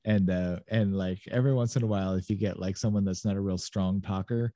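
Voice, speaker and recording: A man guesting on a podcast, easygoing and quick to laugh in casual chat. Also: low-pitched, steady tone, warm tone, dry recording, clean studio sound.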